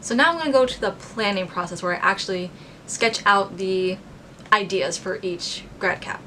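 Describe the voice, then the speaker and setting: A woman's voice: medium pitch, normal speed, bright, forceful tone, a little hiss or hum. A young woman vlogging in a chatty, self-mocking way, tired after a sleepless night. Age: young adult. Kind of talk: casual vlog and voice-over narration. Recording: music playing underneath.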